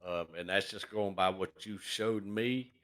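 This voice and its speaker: A man on voice chat explaining something to a fellow gamer, halting with many fillers. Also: lowish voice, fairly bright tone. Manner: halting, lots of uh and um. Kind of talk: casual explaining.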